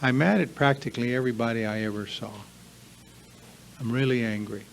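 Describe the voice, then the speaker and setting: Speaking briskly in a gravelly, medium-pitched voice with a little hiss, a man addresses a live group in a meeting room. His recovery workshop talk is confessional, earnest and emphatic, full of repetitive lists.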